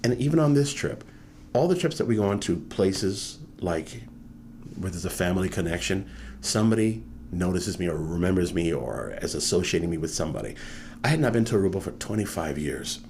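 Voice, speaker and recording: Animated low-voiced man in his fifties. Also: fairly quick, a little hiss or hum. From New York. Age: 50s. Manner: animated, acts out quoted voices. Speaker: interviewee. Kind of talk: oral history storytelling.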